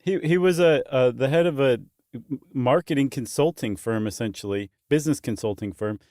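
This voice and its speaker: A man co-hosting a podcast in casual chat, jokey and animated, with playful asides. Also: medium pitch, moderate pace, dry recording, studio quality. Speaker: podcast co-host.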